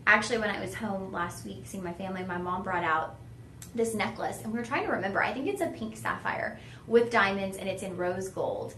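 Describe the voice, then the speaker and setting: A woman's voice: mid-range voice, fairly quick, bright, forceful tone, reverberant, slight background noise. A young woman hosting a live jewelry sales stream, chatty and gushing. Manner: gushing, chatty, says y'all a lot. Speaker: shopping channel jewelry host.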